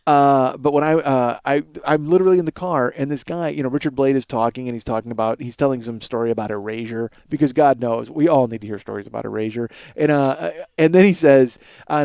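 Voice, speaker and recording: A man's voice: mid-range voice, fairly quick, vocal fry, a little mellow, smooth, no echo. A man in his thirties from Los Angeles, hosting a podcast with a rambling, profane, sarcastic monologue. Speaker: podcast host. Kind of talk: casual comedic monologue.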